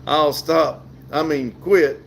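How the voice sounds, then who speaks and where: A man's voice: on the high side, fairly even intonation, takes it slowly, creaky, a bit bright, a little hiss or hum. A middle-aged man with a Southern US accent hosts a casual livestream outdoors, reading viewer comments aloud and laughing often. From southern United States. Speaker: livestream host reading chat. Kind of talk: casual live chat.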